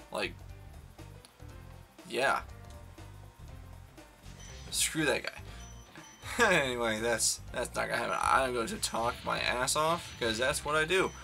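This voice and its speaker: A young man talks through a video game in a bright, forward voice, rambling and poking fun at himself. His commentary is casual and profane, with quiet game music underneath. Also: mid-range voice, gravelly. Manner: rambling, self-mocking, profane. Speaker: let's play commentator.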